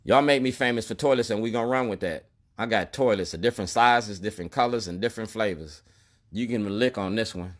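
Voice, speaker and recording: A man's voice: fairly low pitch, fast talker. A middle-aged store owner speaking straight to the camera in a protest monologue, colloquial and emphatic, repeating his key lines. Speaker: store owner and activist vlogger.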